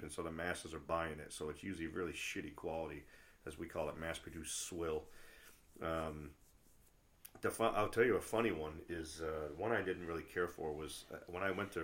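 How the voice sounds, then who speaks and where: A middle-aged man chatting casually as a travel vlogger, rambling through stories with lots of fillers and restarts and getting worked up when he rants. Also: sits low. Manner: gets loud and worked up when ranting. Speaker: travel vlogger and tour guide. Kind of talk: casual chat.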